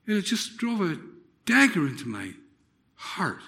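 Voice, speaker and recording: A middle-aged man preaching a personal testimony, telling it dramatically with loud exclamations and hushed, near-whispered moments. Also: high voice, huge pitch swings, unhurried. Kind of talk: sermon testimony.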